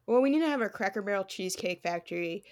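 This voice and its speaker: A woman's voice: medium pitch, animated, fast, a little mellow. A young woman co-hosting a podcast in casual chat, playful and rambling with lots of fillers. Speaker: podcast co-host.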